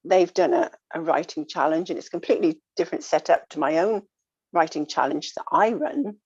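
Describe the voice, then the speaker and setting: A woman talking earnestly in a casual reflective way, coaching gently and repeating her phrases. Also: sits low, a little fast, husky, no echo. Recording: dull lo-fi dry sound.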